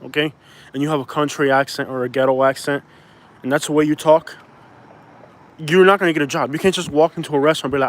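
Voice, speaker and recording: Rambling Cuban-born man with a higher voice. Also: fairly even intonation, fast. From Cuba. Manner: rambling, filler-heavy, reads out chat comments. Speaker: vlogger, live streamer. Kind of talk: casual live-stream talk. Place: outdoors, walking around a town.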